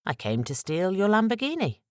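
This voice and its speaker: A woman voicing a calm, cool-headed young woman thief in an audiobook, speaking level and unhurried. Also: medium pitch, no echo, studio quality, voice pushed up, close to an everyday voice.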